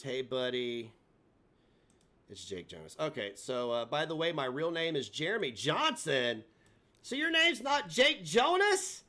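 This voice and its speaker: A man's voice: mid-range voice, fairly bright tone. A man hosting a live stream, taunting and mocking a caller in a sarcastic rant.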